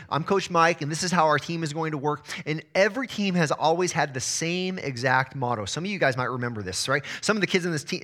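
Male pastor, thirties, forceful bright tone, slightly higher voice, lively preaching. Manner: energetic preaching, repeats words when starting phrases. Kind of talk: sermon.

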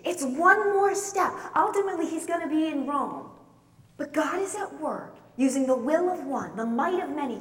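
A woman's voice: high voice, animated, moderate pace. A woman preacher giving a sermon, telling stories with emphatic, swelling delivery. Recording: echoey hall, voice from far off.

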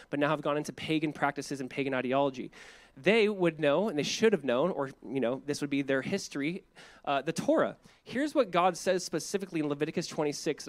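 A man preaching a sermon with a slightly high voice. He talks in a loose, conversational way, acting out quotes with lively swings in his voice. His delivery stays animated and direct. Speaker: pastor.

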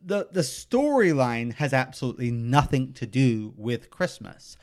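A man's voice: mid-range voice, measured pace. Man casually hosting a movie podcast. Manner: relaxed, conversational, walks through plots. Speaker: podcast host. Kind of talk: casual chat about movies.

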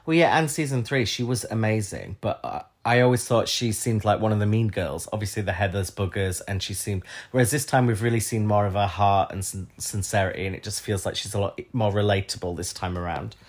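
A man's voice: lowish voice, a little fast, few pauses. A man co-hosting a podcast, chatting casually with playful, wry quips. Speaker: podcast co-host. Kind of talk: casual chat.

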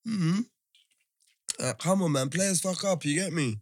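A man's voice: a little high, unhurried. A young man, teasing and joking in slangy casual banter.

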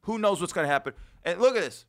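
A man's voice: high-pitched, animated, quick pace, a bit bright. A man in his thirties with a New York accent hosting a casual comedy podcast, brash, jokey and profane. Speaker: podcast host.

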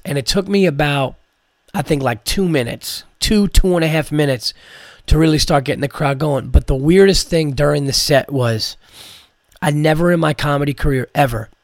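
Speaking in a slightly high voice with vocal fry, a New York comedian and podcast host, tired from medicine, rambles through a profane story and keeps restarting it. The recording is dry and studio quality.

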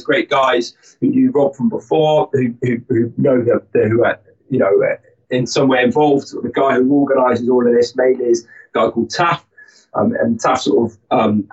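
A man's voice: mid-range voice, moderate pace. Rambling man, muffled and distant. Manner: rambling, many restarts and fillers. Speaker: guest, army instructor. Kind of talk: casual interview storytelling.

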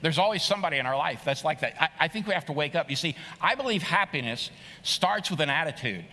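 A man's voice: a little high, expressive, fast, sharp tone. A middle-aged man preaching a sermon as pastor, earnest and emphatic, often repeating phrases. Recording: long reverb of a large hall.

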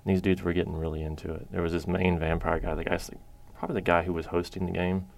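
A man's voice: low voice, level tone, fast, gravelly, a little mellow. A man co-hosting a podcast, telling a rambling story with crude jokes and lots of fillers. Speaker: podcast co-host. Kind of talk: casual chat.

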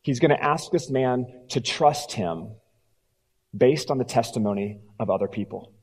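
A pastor preaching a sermon, telling the story and dropping low and quiet for emphasis. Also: male voice, moderate pace, breathy edge, in a large hall.

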